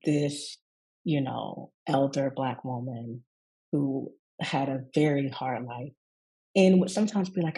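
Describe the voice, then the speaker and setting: A woman from the Deep South, a yoga teacher telling a personal story in conversation and often breaking into laughing asides and tag questions. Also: slow, mellow, slightly rough, low-quality recording.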